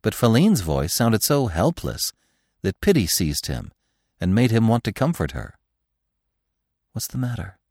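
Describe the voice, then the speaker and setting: Male narrator reading a storybook, low voice, really lively delivery, dry close sound. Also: moderate pace, no room sound. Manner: expressive storytelling. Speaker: podcast host and reader. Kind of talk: audiobook narration.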